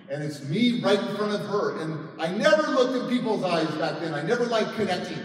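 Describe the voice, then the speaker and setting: A man's voice: high voice, animated, normal speed, recorded from a distance, slight background noise. A man giving a motivational talk at a conference, telling a personal story dramatically and acting out the lines of others. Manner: dramatic storyteller, acting out quotes, shouting at peaks. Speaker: motivational speaker. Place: large conference hall. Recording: echoey hall, mic heard from afar.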